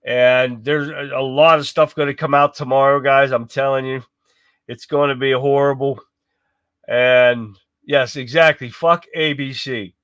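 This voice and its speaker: Bright-voiced angry man ranting live. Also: mid-range voice, steady tone, unhurried, clear, resonant tone, dry recording. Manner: heated, profane ranting; talks to chat viewers. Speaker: livestream host. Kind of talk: live reaction commentary.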